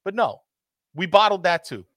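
A man's voice: high-pitched, sing-song, moderate pace, a bit bright, no room sound, studio quality. A man hosting a casual football talk show, ranting passionately and swearing freely. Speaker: podcast host.

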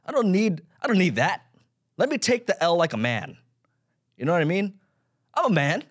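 A man in his thirties hosts his own podcast and rants casually about himself, rambling, swearing, and running himself down. His high-pitched voice has huge pitch swings and a breathy edge. He speaks at normal speed but pauses often.

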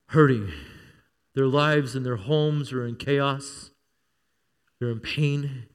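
A man's voice: medium pitch, steady tone, takes it slowly, clear, resonant tone, long reverb tail. A middle-aged male pastor preaching a sermon, telling stories with humor and asking the church for amens. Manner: storytelling with humor, calls for amen.

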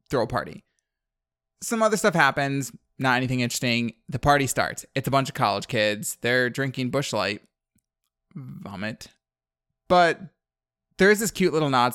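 A young man rambles through a movie recap on a podcast, stacking up "like" and breaking into laughs. His voice sits at an ordinary pitch and sounds close and dry. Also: a bit bright, no echo. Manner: rambling, filler-heavy, laughing often. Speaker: podcast co-host. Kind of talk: casual chat recapping a movie.

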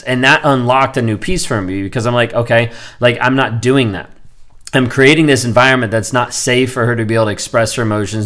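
A man's voice: medium pitch, fairly bright tone. A man in his thirties talking earnestly in a reflective personal vlog, rambling with frequent fillers. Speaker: vlogger.

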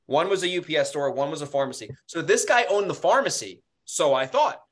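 A man co-hosting a podcast, telling stories in casual chat with animated, profane energy. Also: fairly high pitch, a little fast. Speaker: podcast co-host.

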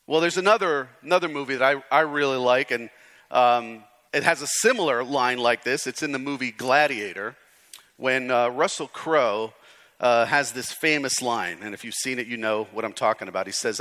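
A man's voice: mid-range voice, moderate pace, bright, forceful tone. A man preaching a conversational sermon as pastor, with frequent restarts, in a large church hall. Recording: hall reverb.

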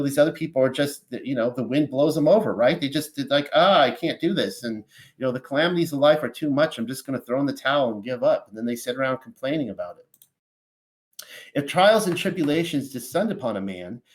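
A man who leads a study group as a minister, reading scripture aloud and explaining it in a conversational, rambling way full of asides. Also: mid-range voice. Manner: conversational, rambling with frequent "you know" asides.

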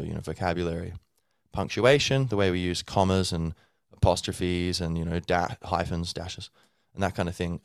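A man's voice: low-pitched, no echo, clean studio sound. A man hosting a podcast, explaining in a casual, rambling way with many fillers and restarts. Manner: acts out a learner's inner thoughts. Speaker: podcast host. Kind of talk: casual teaching monologue.

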